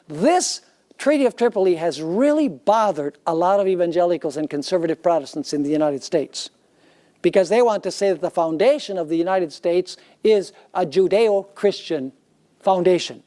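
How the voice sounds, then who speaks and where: A man's voice: high-pitched, lively intonation, normal speed, dark tone. A male pastor preaching a sermon in an emphatic way, often asking his listeners rhetorical questions.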